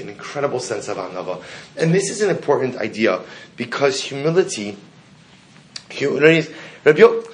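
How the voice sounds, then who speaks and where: A man's voice: mid-range voice, a little hiss or hum. A man leading a Talmud lesson. He chants the Hebrew text aloud, then explains it line by line in English. Now and then he stops to ask his students a question. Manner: asks the class questions. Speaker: Torah teacher. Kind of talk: Talmud class lecture.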